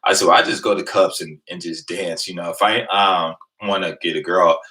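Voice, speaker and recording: A man, casually telling a rambling, animated story to his live viewers and laughing along the way. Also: low voice, a little fast, rough recording. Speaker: vlogger on a live stream.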